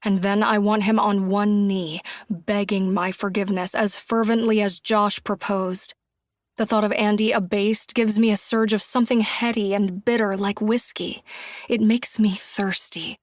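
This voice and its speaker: A woman's voice: mid-range voice, steady tone, a little slow, no room sound. A woman giving intense, emotional first-person narration of a thriller audiobook on a close studio mic.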